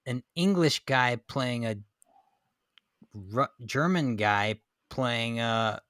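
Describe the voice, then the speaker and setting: A man's voice: mid-range voice, lively intonation, takes it slowly, a bit bright, no echo, clean studio sound. A man co-hosting a casual movie review podcast, building his arguments with examples. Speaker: podcast co-host.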